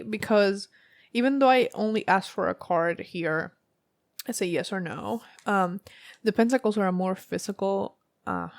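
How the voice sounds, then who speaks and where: A woman's voice: mid-range voice, animated, measured pace, no echo, clean studio sound. A woman giving a casual tarot reading to camera, rambling and thinking aloud with many fillers. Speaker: tarot reader.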